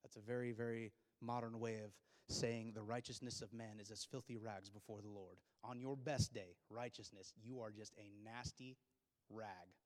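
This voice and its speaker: Preacher in a reverberant hall. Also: male voice, on the low side, normal speed. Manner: storytelling, swings from hushed to loud and excited. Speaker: pastor. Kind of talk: sermon.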